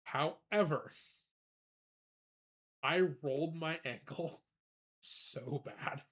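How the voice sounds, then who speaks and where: A man streaming live, chatting casually and telling a rambling, animated story with frequent laughs, greeting viewers as he goes. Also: a little high, very slow. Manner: greets chat viewers between anecdotes.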